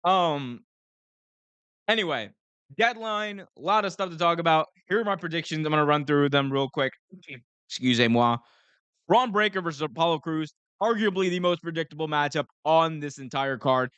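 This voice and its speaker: A young adult man hosting a live stream, talking in an energetic, rambling way and often correcting himself. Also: on the high side, normal speed, clean tone, no room sound. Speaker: host.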